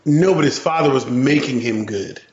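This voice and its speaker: A man's voice: mid-range voice, normal speed, a little mellow. A man co-hosting a podcast, talking casually and animatedly with boastful trash-talk. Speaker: podcast co-host. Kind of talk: casual chat. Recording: roomy, dull sound with faint noise.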